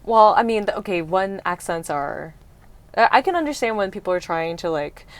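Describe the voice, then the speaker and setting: A woman's voice: mid-range voice, lively intonation. A woman hosting a casual panel chat, asking questions and telling chatty stories. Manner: chatty storytelling, quick laughs. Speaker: host.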